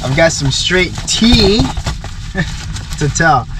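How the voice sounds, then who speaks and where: A man's voice: a little high, big pitch swings, drawn-out words, noisy background. A young man telling a story in a casual, rambling vlog from inside his van, full of "like" and giggles. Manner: rambling, giggly, heavy filler "like". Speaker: vlogger.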